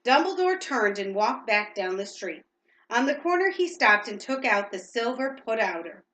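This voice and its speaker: A woman's voice: a little high, sing-song, moderate pace, fairly bright tone, reverberant, poor audio. A woman reading a storybook aloud to a child at home, reading steadily and stopping now and then to ask questions.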